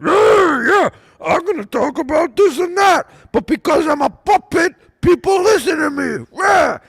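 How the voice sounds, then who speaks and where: A man voicing a smug, brash male puppet in a loud, shouted parody. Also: very high voice, expressive, unhurried, vocal fry, no room sound, clean studio sound, voice pushed up, full character voice. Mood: mocking.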